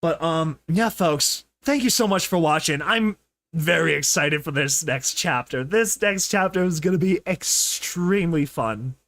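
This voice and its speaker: A young man doing excited, rambling commentary on a live stream, laughing often and calling his viewers dude and bro. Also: a little high, a little slow, dry recording. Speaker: streamer reading a story with commentary.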